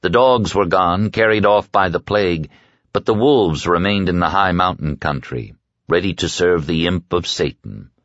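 A man narrates a novel in a measured storytelling manner, his voice sitting low. The sound is dry and close with no room, and the recording is dull and lo-fi. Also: a bit bright, dry recording. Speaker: audiobook narrator. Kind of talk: scripted narration.

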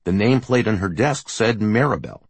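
A man narrating a novel as an audiobook, steady and measured. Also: fairly low pitch, slightly rough, dry recording. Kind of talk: scripted narration.

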